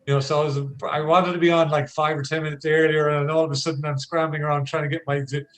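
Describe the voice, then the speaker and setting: A man who coaches storytelling, talking on a video call. He is an animated storyteller who acts out scenes and often restarts his sentences. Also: a little high, quick pace, rough recording. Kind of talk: conversational talk on a video call.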